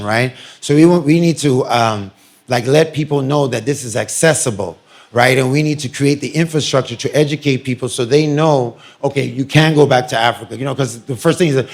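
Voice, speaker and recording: Animated joking man addressing a meeting. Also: medium pitch. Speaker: community organization presenter. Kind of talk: public meeting presentation. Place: meeting room with audience.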